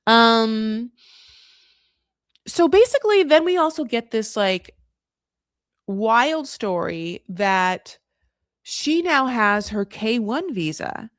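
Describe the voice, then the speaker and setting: A woman's voice: fairly high pitch, sing-song, slow pace, pauses often, no echo, clean studio sound. An American woman recapping a reality show in a chatty, sarcastic way, full of asides and restarts. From United States.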